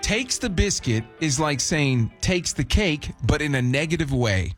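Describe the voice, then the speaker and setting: A man's voice: fairly high pitch, sing-song, measured pace, faint music behind. A man hosting a morning radio show, bantering casually, teasing and laughing.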